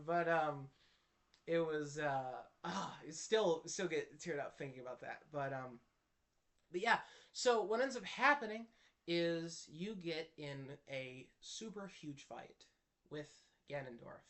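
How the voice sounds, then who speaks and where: Earnest man with a bright, forceful voice. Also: fairly high pitch. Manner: earnest, impassioned, many restarts. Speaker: Christian video creator. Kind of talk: personal storytelling monologue.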